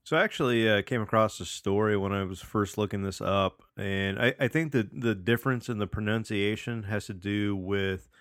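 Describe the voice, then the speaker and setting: Loose-talking man, low voice. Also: normal speed, hardly any pauses, no echo, studio quality. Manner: loose, profane, animated. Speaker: podcast guest. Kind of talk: casual storytelling chat.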